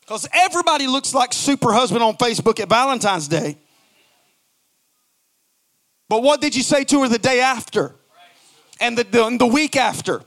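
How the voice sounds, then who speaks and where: A man preaching a sermon in a notably high voice. He climbs into loud, shouting emphasis and then drops to quiet, low asides. He acts out quoted lines in mocking little voices. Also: animated, brisk. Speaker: pastor.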